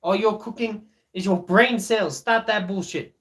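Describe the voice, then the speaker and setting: This is a man chatting on his live stream, talking at a slow, easy pace. He teases and roasts his viewers as he reads their messages, often stalling on fillers and starting over mid-sentence. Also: high-pitched, a bit bright. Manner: joking, teasing, reads chat aloud; many fillers and restarts. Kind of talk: casual live-stream chat.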